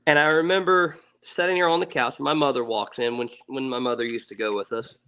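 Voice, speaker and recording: An earnest man in his late thirties talks through a story as a podcast guest. He rambles a little, doubles back on his words and drops the odd curse without fuss. His voice sits at an ordinary pitch for a man. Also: steady tone, a little fast, pushed and bright, clean tone. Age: 30s. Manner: earnest, repeats words, swears casually. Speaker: podcast guest, ATV racer. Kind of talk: casual storytelling.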